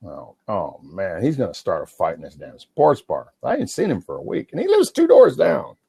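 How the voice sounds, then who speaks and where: A man from Washington State in a rambling, profane livestream rant, swinging between mumbling and yelling. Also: medium pitch, huge pitch swings, normal speed, creaky, husky, dry recording.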